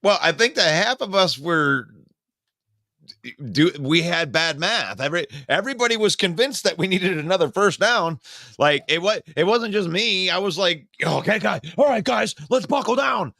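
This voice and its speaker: A man's voice: high-pitched, expressive, normal speed, pushed and bright, no echo. A man co-hosting a casual sports talk show, talking emotionally and rambling with frequent restarts.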